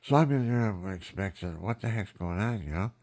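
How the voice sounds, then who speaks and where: A vlogger in his seventies tells rambling, frank family stories in a meandering, chuckling way. His voice is on the low side, expressive and a little fast, with a darkish tone.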